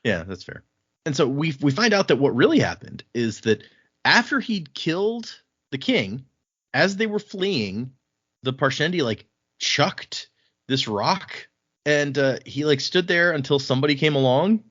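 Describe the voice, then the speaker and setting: A man co-hosting a casual book podcast, recapping the plot in a chatty way and acting out quick bits of dialogue. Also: fairly high pitch, very animated, fairly bright tone, no echo, lo-fi sound. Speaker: podcast co-host.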